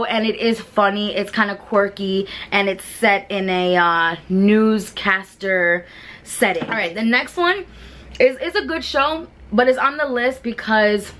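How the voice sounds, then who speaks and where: A chatty woman talks through her favorite shows in a loose, rambling way. She restarts sentences and leans on fillers as she goes. Her voice sits at an ordinary middle pitch for a woman. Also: fairly bright tone. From New York. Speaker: beauty vlogger. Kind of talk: casual chat reviewing shows.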